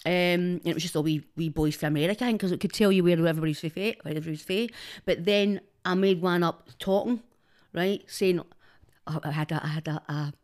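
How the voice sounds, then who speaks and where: A woman with a broad Glaswegian accent talks on a podcast in a rambling, sweary, laughing way. Her voice sits a little low, and she talks close to a studio microphone. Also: fairly quick, a little mellow. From Glasgow's East End, Scotland. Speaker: guest, social media personality. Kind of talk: casual podcast chat.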